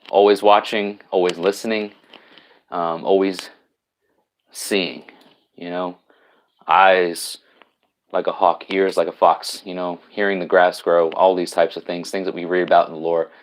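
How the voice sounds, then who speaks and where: Low-voiced rambling New York man. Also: level tone, unhurried. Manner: rambling, frequent restarts and repeated words. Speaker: live stream host. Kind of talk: casual live-stream chat reading viewer comments.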